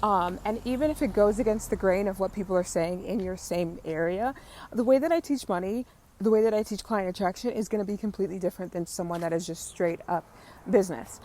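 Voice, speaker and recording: A woman's voice: a little fast, mellow, a little hiss or hum. A young adult woman hosting a spiritual business podcast, talking in a casual, effusive, motivational way while walking outside through her neighborhood, with casual swearing. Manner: effusive, swears casually, coos high at cats.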